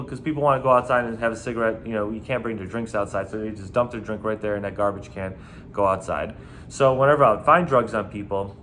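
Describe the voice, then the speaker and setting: A man's voice: fairly low pitch, fairly bright tone, a little hiss or hum. A man who used to work as a nightclub bouncer tells stories in a casual, profane and rambling way. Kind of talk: casual storytelling.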